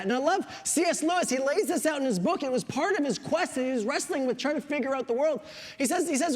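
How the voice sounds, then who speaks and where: A man's voice: very high-pitched, lively intonation, quick pace, long reverb tail. A pastor in his thirties from Quebec, preaching a sermon with joking asides. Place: church.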